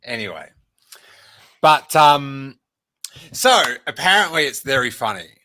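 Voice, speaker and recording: A man's voice: medium pitch, big pitch swings, a little slow, sharp tone, no room sound, studio quality. A man hosting a livestream podcast in a casual, playful, rambling chat. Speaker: podcast host.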